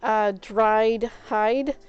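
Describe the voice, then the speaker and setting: A woman's voice: fairly high pitch, steady tone, extremely slow, clean tone, dry recording, highs cut off. A woman streaming a game, casually telling a long rambling story and retelling conversations with "I was like".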